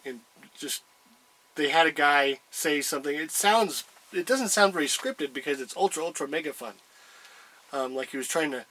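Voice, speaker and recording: Man, casual collector chat, hesitant, lots of ums, average pitch. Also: a bit bright, a little hiss or hum, poor audio. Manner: rambling, hesitant, many ums. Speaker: collector showing an item.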